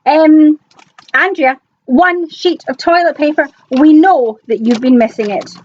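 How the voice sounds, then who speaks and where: High-voiced teasing woman on stage. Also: unhurried, a little mellow, dull audio. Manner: giggly, teasing, playful. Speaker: co-host of a live cabaret show. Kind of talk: bantering live show prize-giving. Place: live venue on stage.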